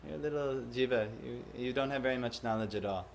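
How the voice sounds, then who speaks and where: A man's voice: mid-range voice, quick pace, creaky, slight background noise. Man teaching a devotional class. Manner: questions the audience, acts out quoted voices. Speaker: spiritual teacher. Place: room with a live audience.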